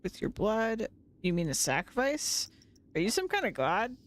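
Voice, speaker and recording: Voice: mid-range voice, wildly swooping pitch, normal speed. A streamer chatting casually while playing a fantasy game live, teasing the characters. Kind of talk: casual gameplay livestream.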